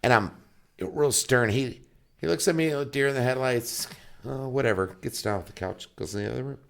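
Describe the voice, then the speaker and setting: A father chatting casually, telling an animated family story, acting out quotes and swearing freely. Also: mid-range voice, brisk, creaky. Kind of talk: casual chat.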